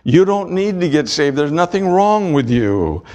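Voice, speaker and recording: A man's voice: fairly high pitch, very animated, unhurried, darkish tone, pitched above the performer's own voice. A man voicing an indignant middle-aged mother who insists her daughter needs nothing, in a coaxing, insistent way.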